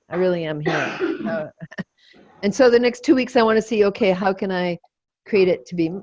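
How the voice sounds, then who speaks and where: Woman with a lowish voice talking about her week, laughs a bit, muffled video call sound. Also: dry recording. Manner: open, reflective, laughs softly while talking. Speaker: support circle host. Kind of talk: casual group video call sharing. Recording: dull lo-fi video call audio.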